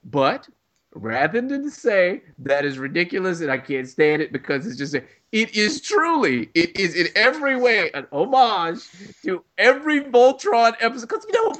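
A man's voice: high voice, big pitch swings, moderate pace, a bit bright. A man ranting in a casual chat, acting out scenes in quoted voices.

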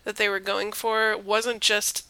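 Gravelly, bright Southern woman co-hosting. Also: mid-range voice, slow, dry recording. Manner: lively, playful, talkative. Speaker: podcast co-host. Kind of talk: casual film review chat.

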